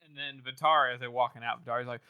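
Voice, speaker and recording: A man's voice: medium pitch, fairly even intonation, racing, smooth, no room sound, phone-quality sound. A man co-hosting a casual book podcast, retelling scenes and acting out the characters' lines with swearing. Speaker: podcast co-host.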